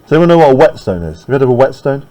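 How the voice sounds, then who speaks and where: A man's voice: medium pitch, very animated, racing, mellow, low-quality recording. A male teacher lecturing a class in a classroom, explaining step by step and often asking "right?" to check that students follow.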